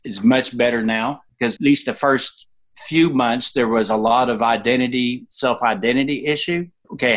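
Older man telling animated stories. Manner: animated, voices other people in quotes with sudden pitch jumps. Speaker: interview guest. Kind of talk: conversational personal storytelling.

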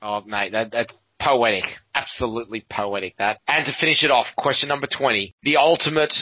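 A man's voice: medium pitch, dry recording. A man hosting a casual sports interview, teasing his guest and firing off questions. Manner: chatty, teasing quick questions. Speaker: interviewer, host. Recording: dry, dull lo-fi audio.

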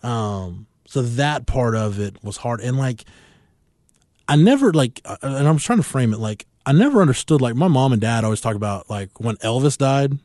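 A man in his thirties hosts a casual sports talk show. He speaks in a reflective, halting way and often reaches for words. His voice is mid-pitched and recorded dry and close. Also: lively intonation, a little mellow, dry recording. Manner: reflective, halting, many "like" fillers. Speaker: podcast host.

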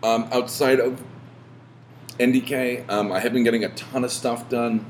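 A man hosting a podcast, talking casually in a rambling way, full of fillers and restarts and swearing when he gets animated. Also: medium pitch, normal speed, a little hiss or hum. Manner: rambling, self-interrupting with many fillers and restarts. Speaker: podcast host.

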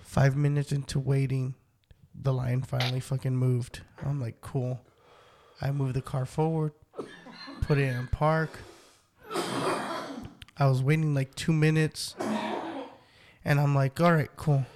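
A man's voice: mid-range voice, little pitch movement, a little slow, pauses often. A man co-hosting a podcast, telling a profane story in casual chat and acting out his own lines. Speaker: podcast co-host.

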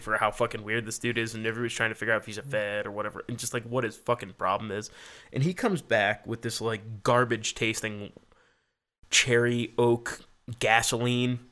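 A man's voice: on the low side, fairly even intonation, fairly quick, sharp tone. Rambling, profane male storyteller. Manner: rambling, profane, heavy use of "like". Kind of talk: casual storytelling chat.

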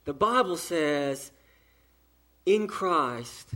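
A man with a Southern American accent preaching a sermon in church, with emphatic pauses. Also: fairly high pitch, lively intonation, a bit bright. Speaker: pastor. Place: church during an evening service.

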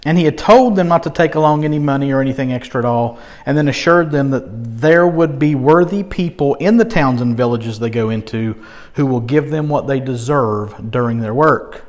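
A man preaching a sermon, expressive, asking rhetorical questions and swinging from quiet asides to emphatic peaks. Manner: expressive, rising to emphatic peaks and dropping low. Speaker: pastor.

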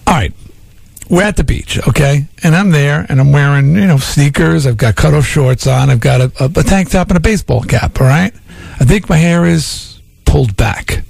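A man's voice: a little high, moderate pace, creaky, darkish tone, no room sound. A middle-aged man from Long Island, a radio host telling stories in a rambling way, full of restarts. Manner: rambling storyteller with many restarts. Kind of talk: casual talk radio chat.

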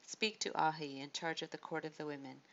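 A woman narrator voicing a proud adult male king who speaks firmly and in measured tones. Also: low voice, creaky, fairly bright tone. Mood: exasperated. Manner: firm, measured. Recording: dull lo-fi audiobook recording.

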